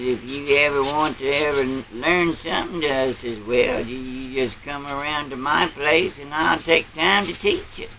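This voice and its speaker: Guy doing a bragging old grandpa, slow easy drawl, bright kinda high voice. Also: slight background noise, heavily acted, low-quality recording. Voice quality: folksy drawl, rambling. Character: boastful old country grandpa spinning tall tales. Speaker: storyteller. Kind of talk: character storytelling.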